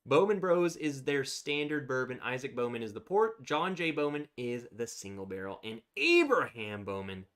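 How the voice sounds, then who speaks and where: A man's voice: mid-range voice, a bit bright. A man hosting a casual livestream, chatting freely, laughing often and reacting to viewer comments. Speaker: livestream host.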